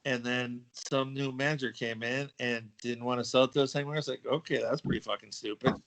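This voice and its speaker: A man chatting casually with old friends on a podcast, remembering things in a relaxed, rambling way. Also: mid-range voice, fairly quick, vocal fry, rough recording. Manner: easygoing, recalls things with fillers and restarts. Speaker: podcast guest.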